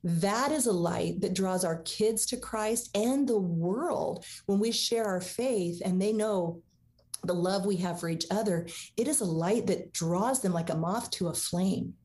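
A woman's voice: mid-range voice, a little slow, darkish tone. A woman guest author talking earnestly about marriage and faith in a radio interview. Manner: earnest, preaching tone.

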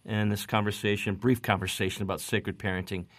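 A man with a lowish voice hosts a faith-based interview. He is recorded close and dry, with no room sound, and he eagerly and quickly prompts his guest. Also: level tone, a bit bright, no room sound. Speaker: radio host.

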